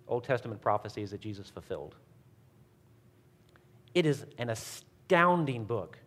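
A man giving a conversational, emphatic church talk who speeds up when telling stories. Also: mid-range voice. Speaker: church speaker. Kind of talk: sermon-style talk.

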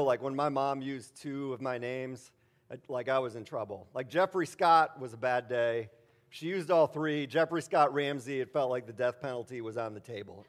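Middle-aged male pastor, chatty sermon delivery, loose and rambling with lots of fillers, punches key words hard. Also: medium pitch. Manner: casual, rambling, many fillers, emphatic bursts. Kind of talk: conversational sermon.

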